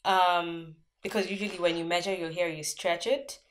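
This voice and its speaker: A woman's voice: lowish voice, fairly even intonation, normal speed. Chatty young Zambian woman vlogging. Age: young adult. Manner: chatty storytelling, many "like" fillers. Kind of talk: casual Q&A vlog. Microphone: camera.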